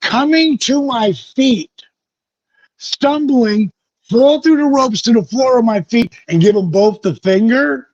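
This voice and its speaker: At a slow pace and a little mellow, the husky, fairly high-voiced former pro wrestler tells wild interview stories, cursing and performing the voices of people he quotes. The lo-fi sound is dull, dry and close, with no echo.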